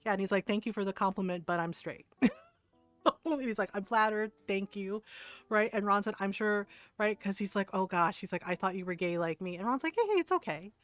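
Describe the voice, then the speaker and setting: A middle-aged woman chats casually while streaming a game, retelling stories and acting out the people in them with frequent laughs. Her voice sits in a middle range and sounds close and dry. Soft music plays underneath. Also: mid-range voice, steady tone, brisk, no echo. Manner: chatty storytelling, quotes people, laughs often. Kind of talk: casual chat while gaming.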